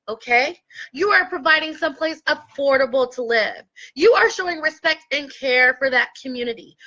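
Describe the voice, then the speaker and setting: Speaking directly to camera in a heartfelt way, this female real estate investor coaches viewers earnestly and passionately, at moments near tears. Her voice is high-pitched, bright and pushed, and the audio is dull.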